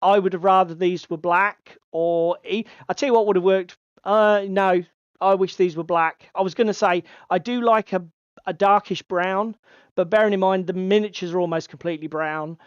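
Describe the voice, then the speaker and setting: A man's voice: sits high, fairly even intonation, normal speed, clear, resonant tone, no room sound. A man hosting a casual hobby podcast, chatty and given to swearing. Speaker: podcast co-host. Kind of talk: casual chat. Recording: slightly dull lo-fi audio.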